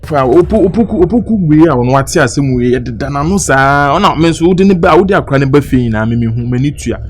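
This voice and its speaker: A man's voice: a little high, expressive, fast, a little hiss or hum. A man acting in a comedy sketch, speaking in mumbled pidgin and Twi. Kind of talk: scripted comedy skit.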